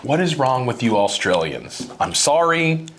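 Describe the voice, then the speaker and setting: A man's voice: mid-range voice, big pitch swings, a little slow, fairly bright tone, slight background noise. A man hosting a casual snack-tasting video, joking and complaining in an exaggerated way. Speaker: channel host tasting snacks.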